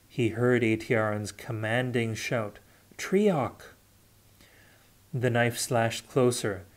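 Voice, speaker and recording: A man reading a novel aloud unrehearsed, in a measured, unhurried way. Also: mid-range voice. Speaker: audiobook reader. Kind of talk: unrehearsed audiobook narration.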